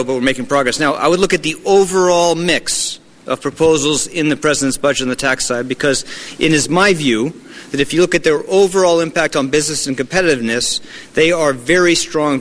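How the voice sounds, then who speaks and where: Man giving measured formal testimony. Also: on the high side, fairly bright tone, poor audio. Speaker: official testifying.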